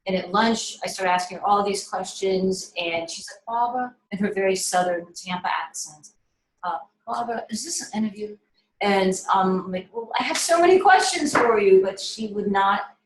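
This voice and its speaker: Chatty filmmaker woman in an echoey room. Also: medium pitch. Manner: animated, with frequent restarts and fillers. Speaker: filmmaker being interviewed. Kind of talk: casual conversational storytelling. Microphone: video call. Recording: echoey room on a video call.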